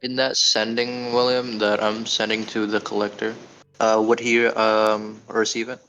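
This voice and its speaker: A man playing a tabletop game on a stream, speaking hesitantly with many pauses and fillers. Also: on the low side, flat delivery, fairly bright tone, muffled recording. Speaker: player.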